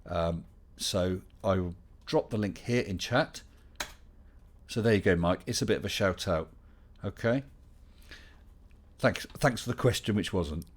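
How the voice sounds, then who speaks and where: A man's voice: deep voice, unhurried, husky. A middle-aged man hosting a casual live Q&A stream, chatting and reading out viewer questions with dry humor.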